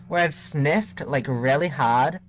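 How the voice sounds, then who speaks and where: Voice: medium pitch, animated, takes it slowly, soft background music. A streamer chatting casually during gameplay, playful and giggly, teasing chat.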